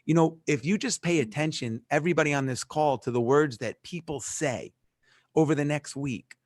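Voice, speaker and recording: A middle-aged man, a podcast guest, telling stories in an emphatic, punchy way with quick restarts. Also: a little high, no room sound, studio quality. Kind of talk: animated storytelling in conversation. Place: remote call.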